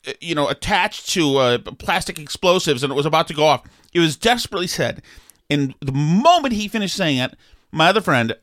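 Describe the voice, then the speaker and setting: A man's voice: on the high side, a bit bright, dry recording, clean studio sound. A middle-aged man hosting a podcast, telling a rambling, jokey story with many restarts in casual chat. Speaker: podcast host.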